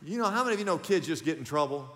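A male pastor delivering an animated sermon with a slightly high voice. He calls out to the congregation and repeats his key points. The long reverb of a big hall trails after his words. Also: racing. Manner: animated preaching with call-outs to the congregation.

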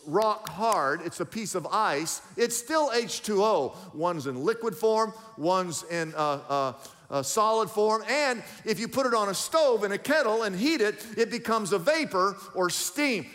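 A man's voice: sits high, a little slow. Male pastor preaching in a reverberant hall. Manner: animated preaching with call-outs to the congregation. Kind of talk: sermon.

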